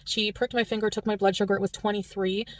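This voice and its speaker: A woman's voice: mid-range voice, flat delivery, fast talker, no room sound, far from the mic. A Canadian woman telling a long story in a vlog, rambling and chatty as she recounts each detail. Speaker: vlogger.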